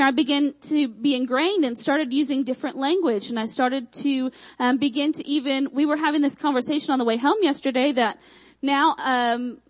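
High-voiced woman preaching with emphasis. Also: low-quality recording. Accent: Texan. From Michigan. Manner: emphatic, repetitive preaching with quick asides. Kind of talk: sermon.

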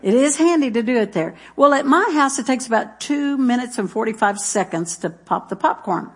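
A woman preaches to her church in a folksy, rambling way, with a touch of brightness in her fairly high voice. She drifts through homey stories with fillers and chuckles, then settles into reading scripture aloud. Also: lively intonation, moderate pace, slightly rough. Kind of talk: sermon with jokes and scripture reading.

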